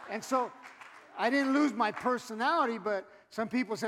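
A middle-aged man preaching a sermon as pastor, animated, swinging from loud exhortation to quiet asides. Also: high-pitched, brisk, slight background noise. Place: church sanctuary. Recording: long hall reverb.

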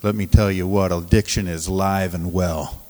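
A man preaching as a pastor of a recovery ministry, telling stories from the pulpit in a halting, restarting way and often laughing as he talks. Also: low-pitched, steady tone, a little mellow, big-room sound. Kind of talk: sermon with storytelling. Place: church sanctuary.

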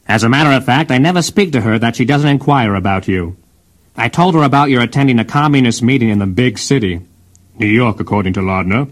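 A man reading personal letters aloud in a dry, wry delivery. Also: mid-range voice. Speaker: reader of letters.

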